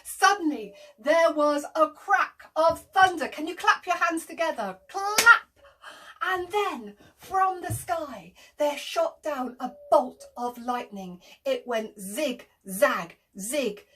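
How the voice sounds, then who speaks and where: A woman telling an interactive children's story, animated, gasping often, making sound effects and inviting the children to join in. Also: high voice, takes it slowly, few pauses.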